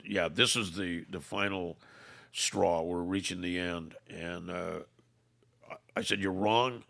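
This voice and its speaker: Gravelly older man telling a story. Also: low voice, little pitch movement, sharp tone. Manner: retells arguments through quoted dialogue, "I said", "I go"; halting restarts. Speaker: podcast guest, former motorcycle club leader. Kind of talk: storytelling in conversation.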